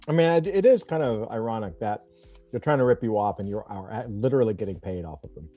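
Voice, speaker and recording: A co-host on a casual live stream who trades dry, teasing banter. The voice is mellow and swings widely in pitch. Faint music plays underneath. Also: animated, fast talker, no room sound, highs cut off.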